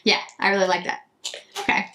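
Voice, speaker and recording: A woman's voice: mid-range voice, level tone, a little fast, sharp tone. Chatty woman rambling through a makeup try-on. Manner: chatty, rambling, self-interrupting. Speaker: beauty vlogger. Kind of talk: casual makeup chat to camera.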